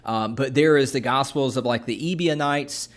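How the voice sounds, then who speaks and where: A man in casual conversation, explaining at an easy pace with frequent fillers and restarts, like a co-host teaching on a talk show. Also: medium pitch. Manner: unhurried, with many fillers and restarts. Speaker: podcast co-host explaining scripture.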